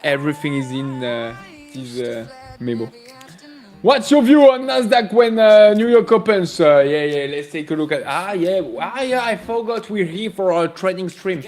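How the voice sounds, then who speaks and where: French man, live-stream host, high voice, unhurried banter, faint music underneath. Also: animated, a little mellow. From France. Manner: joking, rambling, greets chat viewers by name. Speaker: livestream trading host. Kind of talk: casual live-stream chat.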